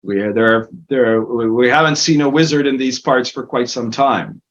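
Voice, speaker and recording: A man voicing a suspicious village headman in a tabletop game, speaking gruffly and formally. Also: mid-range voice, steady tone, normal speed, natural voice. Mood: wary. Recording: dull lo-fi recording.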